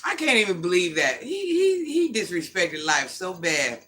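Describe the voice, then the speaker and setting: A woman's voice: on the low side, big pitch swings, normal speed, sharp tone, slight background noise. An older woman hosting a casual livestream, bluntly scolding and answering viewer comments. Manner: sassy, scolding, blunt talk-back. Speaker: livestream host.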